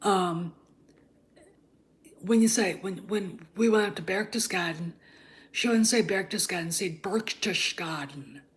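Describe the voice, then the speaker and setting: A woman's voice: mid-range voice, unhurried, pauses often. A woman hosting her own channel, talking in a blunt, heated, casual rant and swearing freely. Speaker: channel host. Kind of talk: casual ranting commentary.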